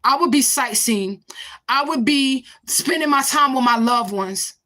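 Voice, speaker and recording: A woman, hosting a livestream and ranting with heated, sarcastic, profane rapid-fire questions. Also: high-pitched, sharp tone. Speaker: livestream host. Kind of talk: angry livestream rant.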